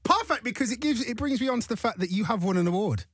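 A man's voice: sits high, lively intonation, quick pace, dry recording. A man hosting a radio interview in a studio, upbeat and playful, teasing his guest. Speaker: radio host.

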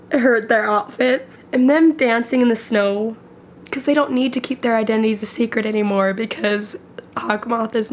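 A woman's voice: fairly high pitch, slight background noise. A young woman giving casual, emotional commentary while she watches a movie, gushing and exclaiming, sometimes whispering. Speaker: movie reaction vlogger.

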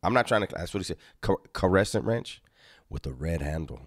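A man's voice: rumbling low, lively intonation, fast talker, dry recording, studio quality. A man hosting a casual chat, teasing and commenting on a guest's story. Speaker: podcast host.

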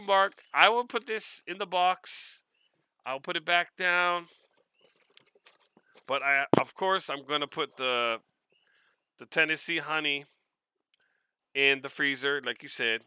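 A man from Hawaii with a Hawaiian-tinged accent, casually unboxing mail on his vlog, excitable and quick to laugh. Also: mid-range voice, clear, resonant tone, dry recording. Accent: Hawaiian Pidgin-tinged English. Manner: excitable, laughs often, repeats words. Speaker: vlogger.

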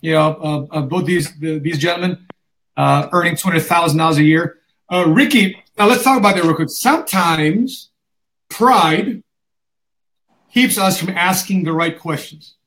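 A male show host with a fairly high voice. He talks upbeat and casual and leans on filler words between thoughts. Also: normal speed, fairly bright tone. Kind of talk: interview hosting.

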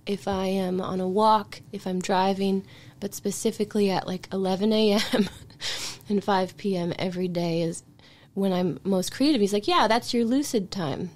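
A woman's voice: medium pitch, normal speed, a little mellow. Chatty Canadian woman, reflective songwriter guest. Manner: chatty and reflective, with frequent light laughs. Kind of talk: casual podcast interview.

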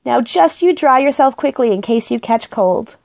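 A woman's voice: lively intonation, moderate pace, gravelly, a little mellow. A woman voicing a bossy, caring young girl who fusses and takes charge in a storybook reading. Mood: fussing. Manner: high and urgent, fussing.

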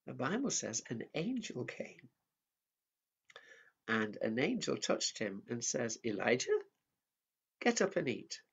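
A man preaching at a family service, telling a Bible story in a gentle, simple way. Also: medium pitch, creaky, husky. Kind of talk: children's sermon storytelling. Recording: dull lo-fi sound.

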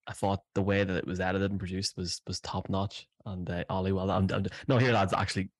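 A man's voice: deep voice, a little fast, no room sound, studio quality. An Irish man, the show's producer, chatting in playful, teasing podcast banter. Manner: playful, teasing self-flattery. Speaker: show producer.

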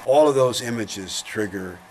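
An older man, a veteran giving an oral history interview, speaking in a reflective, halting way, heavy with feeling. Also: on the low side, noisy background.

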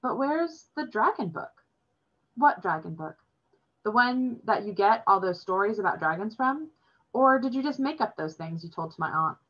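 A woman's voice: medium pitch, expressive, moderate pace, lightly acted. A woman voicing a stubborn, lofty American girl who talks with teasing confidence, on a dull lo-fi recording. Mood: curious.

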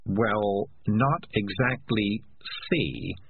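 A man's voice: on the low side, extremely slow, creaky, slight background noise, exaggerated voice. A man voicing a sardonic, self-serving talking tomcat with a wry, cocky manner. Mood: reluctant. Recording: tinny lo-fi audiobook recording.

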